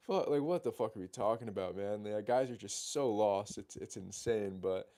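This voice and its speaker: Low-voiced young man, chatty dating coach. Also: normal speed. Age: 20s. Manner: animated, swearing, lots of fillers and restarts. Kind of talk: casual storytelling to camera.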